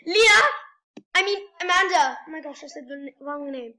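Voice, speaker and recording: A young woman narrating her game in an excited vlog, squealing and breathless with excitement. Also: sits high, normal speed. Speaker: gamer. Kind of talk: excited gaming vlog commentary.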